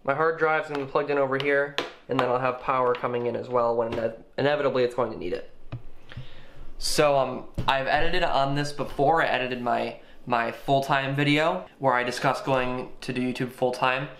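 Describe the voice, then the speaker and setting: A man's voice: mid-range voice, fairly even intonation, normal speed, fairly bright tone, slight background noise. A young man chatting casually as he unboxes and sets up a laptop, thinking aloud with plenty of fillers. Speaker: tech vlogger.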